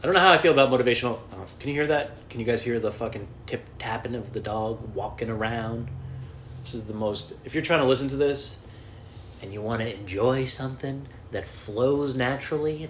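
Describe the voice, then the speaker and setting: A man's voice: mid-range voice, animated, a little fast, slight background noise. Profane rambling man hosting a solo podcast. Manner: self-deprecating, profane, jumps between topics. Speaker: podcast host and comedian. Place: at home indoors.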